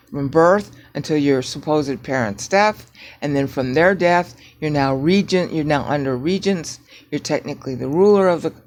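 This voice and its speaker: A woman teaching Bible prophecy in a rambling screen-share lecture, often checking in with "okay?" and grumbling at her software. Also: sits low. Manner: digressive, frequent "okay?" checks, irritated asides at software.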